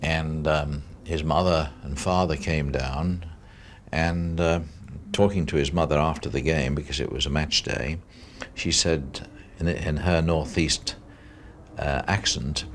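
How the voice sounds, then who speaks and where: A man's voice: rumbling low, steady tone, unhurried, a little hiss or hum. An older man, a club chairman, telling a rambling anecdote in an interview. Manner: rambling anecdote with ums and uhs. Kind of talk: interview recollection.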